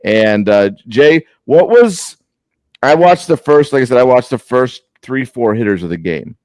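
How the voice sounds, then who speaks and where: A man's voice: mid-range voice, lively intonation, measured pace, darkish tone, no echo. A man co-hosting a sports podcast over a video call, talking in a rambling way with frequent restarts. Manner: rambling, apologetic, restarts a lot. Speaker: podcast co-host. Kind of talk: casual sports chat. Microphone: remote video call.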